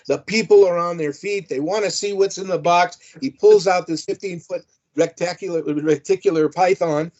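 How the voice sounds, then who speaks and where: An older man, a former wrestling manager, telling rambling, amused anecdotes with lots of fillers. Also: fairly high pitch. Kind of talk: anecdotal storytelling. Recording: dull lo-fi audio.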